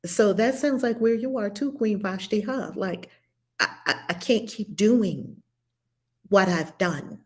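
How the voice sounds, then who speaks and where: A woman's voice: mid-range voice, unhurried, darkish tone. Woman, spiritual discussion host, earnest, talks to a participant on a livestream. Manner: earnest, reads viewer comments aloud. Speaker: spiritual study group host.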